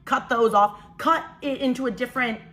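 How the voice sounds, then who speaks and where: A young woman telling a casual storytime monologue, animated and incredulous as she recounts events. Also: on the high side, normal speed, rough recording. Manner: animated, incredulous, quotes people in changed voices.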